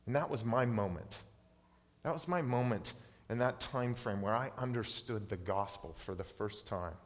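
A man's voice: medium pitch, normal speed. A man in his thirties preaching a sermon as pastor, earnest, personal and reflective. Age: 30s. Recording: long hall reverb.

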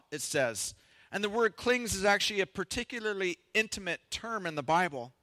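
A pastor preaching a sermon, reading scripture in an earnest, measured way with touches of light humor. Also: male voice, sits high, bright, forceful tone, no room sound.

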